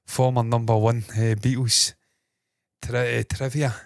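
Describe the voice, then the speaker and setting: A man's voice: medium pitch, little pitch movement, a little slow, gravelly, dry recording, clean studio sound. A man hosting a casual entertainment news show, speaking in a put-on Scottish accent, swearing freely and rambling with a chesty cough. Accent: mock Scottish, put on. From Britain.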